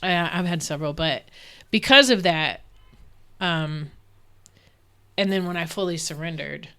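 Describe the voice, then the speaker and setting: A woman from Dallas with a bright, crisp, smooth voice. She talks as an interview guest, earnest and animated, circling back with restarts as she tells personal stories. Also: on the low side, unhurried. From Dallas, Texas. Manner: animated, earnest, laughs often, many restarts. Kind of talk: candid interview storytelling.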